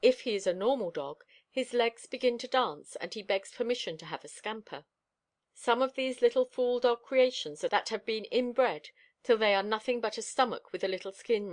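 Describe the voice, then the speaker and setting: Expressive woman audiobook reader. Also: medium pitch.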